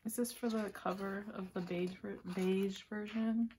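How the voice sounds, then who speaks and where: A woman vlogger unboxing a photobook, gushing and excitable, often dropping into breathy whispers. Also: medium pitch, measured pace, slight background noise. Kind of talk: casual unboxing commentary.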